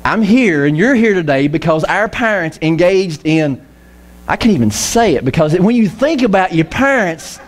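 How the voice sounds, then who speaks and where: Lively, joking male pastor, slightly high voice. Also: normal speed, some chatter behind. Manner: lively, jokey, acts out quoted voices. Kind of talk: casual conversational sermon. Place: church auditorium.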